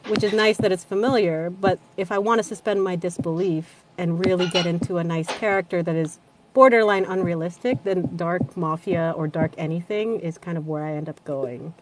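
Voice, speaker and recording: A woman's voice: lowish voice, steady tone, fairly quick, noisy background. A woman narrator of audiobooks in casual chat, laughing often and swearing casually.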